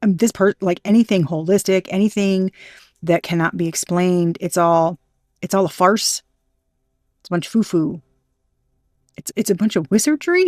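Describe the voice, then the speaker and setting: A woman's voice: on the low side, normal speed, darkish tone, no echo, clean studio sound. A woman giving an intuitive tarot reading, thinking aloud in a rambling, hesitant way with many restarts and a playful streak. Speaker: tarot reader.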